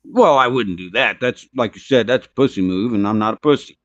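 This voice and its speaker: A man's voice: mid-range voice, brisk, dry recording, highs cut off. A man talking casually on a stream, blunt and profane, giving strong opinions. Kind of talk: casual chat.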